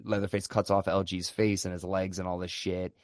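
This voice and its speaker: Sex: man. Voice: low and dry. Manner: laid-back, swears freely. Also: level tone, fairly quick, no echo. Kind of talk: casual film discussion.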